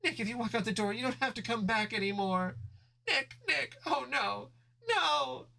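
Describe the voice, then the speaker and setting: A man's voice: moderate pace, creaky, sharp tone, exaggerated voice. A man doing a pleading female bunny cop. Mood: desperate. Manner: pleading, high and strained.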